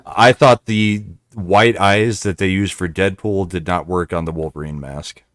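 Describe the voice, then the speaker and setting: A man with a low voice gives his take on a film and cuts in to correct others. The sound is dry and close, with no room around it. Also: steady tone, a bit bright, no echo. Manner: quick to interject and disagree, dry remarks. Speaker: podcast co-host. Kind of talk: casual movie review chat.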